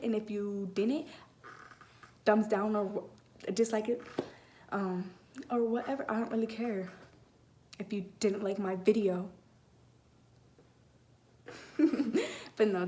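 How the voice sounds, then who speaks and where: A woman's voice: mid-range voice, mellow, a little hiss or hum. A teenage girl telling a personal story in a casual vlog, rambling with many fillers and restarts. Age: late teens. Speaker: vlogger.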